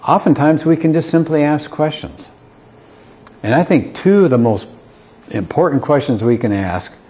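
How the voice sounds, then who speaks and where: A man's voice: mid-range voice, warm tone. A middle-aged man, a community college teacher, giving an earnest lecture to a live audience, asking rhetorical questions and acting out both sides of short dialogues.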